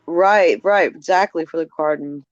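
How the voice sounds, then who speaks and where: A woman's voice: deep voice, normal speed, dry recording. Sympathetic woman on a video call. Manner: friendly, sympathetic, chatty. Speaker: caller on a livestream. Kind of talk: casual video-call chat. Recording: dry lo-fi video-call audio.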